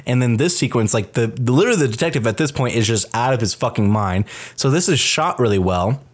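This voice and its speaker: A man hosting a podcast, retelling a film scene in casual chat, animated and profane. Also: medium pitch, fast. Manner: animated, profane storytelling with many fillers. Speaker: podcast host reviewing a film.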